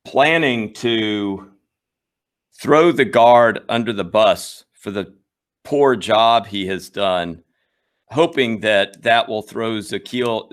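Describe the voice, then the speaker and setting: A man's voice: lowish voice, fairly bright tone. A man playing an improvised story game, reading options and explaining rules with hesitations. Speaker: player.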